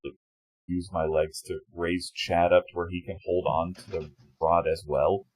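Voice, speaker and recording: A man playing in a tabletop game, talking animatedly and joking with loud outbursts. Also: low voice, level tone, unhurried, dry recording, low-quality recording. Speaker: player. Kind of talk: tabletop game play over a call.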